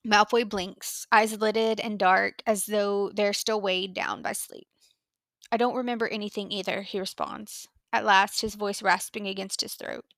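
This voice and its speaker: A woman narrating a fan fiction audiobook in a measured, earnest storytelling voice. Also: medium pitch, little pitch movement, creaky, fairly bright tone, no echo. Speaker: audiobook reader.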